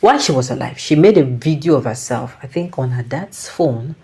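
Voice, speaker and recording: A woman's voice: rumbling low, lively intonation, brisk, mellow, husky. A Nigerian woman giving reflective casual commentary, slipping into Pidgin and restarting her sentences.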